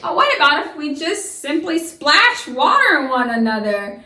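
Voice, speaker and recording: A woman teaching a science lesson to young children, lively and full of questions that she answers herself. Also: high-pitched, moderate pace, far from the mic. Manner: lively, asks the class questions and answers them. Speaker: homeschool teacher. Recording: echoey room, voice from away from the mic.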